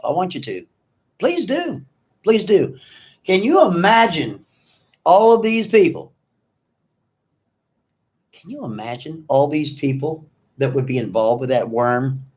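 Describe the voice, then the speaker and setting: A man hosting an online video, ranting at an absent rival in an accusing, mocking way and repeating himself often. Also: fairly high pitch. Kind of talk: confrontational livestream rant.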